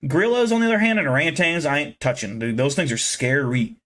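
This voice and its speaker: A young American man with a fairly high, slightly bright voice talks quickly while hosting a casual livestream. He rambles to his chat, boasting and swearing as he goes.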